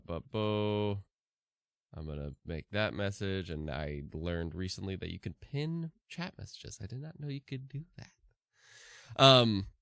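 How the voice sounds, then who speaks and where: A man's voice: lowish voice, a bit bright, smooth, no room sound, clean studio sound. Tired man rambling on a live stream. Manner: rambling, restarts a lot. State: tired from no sleep. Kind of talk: casual live-stream chat.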